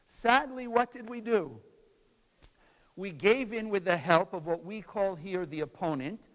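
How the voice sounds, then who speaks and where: A man's voice: high-pitched, fairly bright tone, in a large hall, poor audio. A man teaching a spiritual lesson to a class, asking questions and answering them himself. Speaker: Kabbalah teacher.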